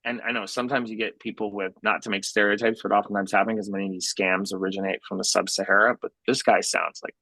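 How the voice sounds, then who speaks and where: Guy giving a business talk, lowish voice, dry sound, tells stories, keeps restarting his sentences. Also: fast talker, hardly any pauses, dry recording, rough recording. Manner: animated storytelling, many repeated starts. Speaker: keynote speaker. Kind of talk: conference talk with anecdotes. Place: meeting room.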